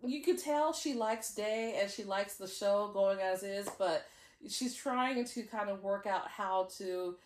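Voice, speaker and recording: A woman co-hosting a casual drama recap, telling the story in an animated way and slipping into quoted voices. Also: mid-range voice, unhurried, reverberant. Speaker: podcast co-host.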